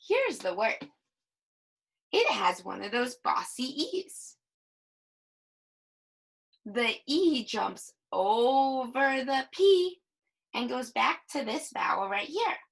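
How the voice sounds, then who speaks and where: A woman teaching a young child to read, slowly sounding out words and patiently guiding each line. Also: on the high side, sing-song, gravelly. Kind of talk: early reading lesson for young children.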